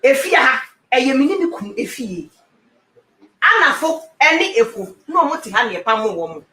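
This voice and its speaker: A woman performs in a comedy skit, animated and exclaiming. Her voice is high, lively and bright. The room is echoey, with faint background noise. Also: moderate pace.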